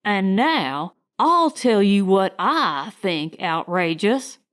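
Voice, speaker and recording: A woman voicing a defiant young female housemaid with a soft Southern drawl. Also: medium pitch, big pitch swings, takes it slowly.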